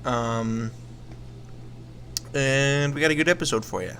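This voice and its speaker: A young man co-hosts a relaxed comedy podcast about movies. He talks slowly and hesitantly, leaning on ums and small pauses. A faint hiss runs under the voice. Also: mid-range voice. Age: young adult. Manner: slow, hesitant, full of ums. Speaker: podcast co-host. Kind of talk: casual comedic film chat.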